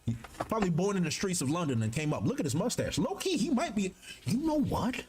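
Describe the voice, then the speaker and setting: Young male streamer, high and very lively; casual, joking reaction-stream host. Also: fast talker, slight background noise. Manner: animated, joking, slangy, reads the text aloud in bursts. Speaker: streamer reacting to a manga chapter. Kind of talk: casual live-stream commentary.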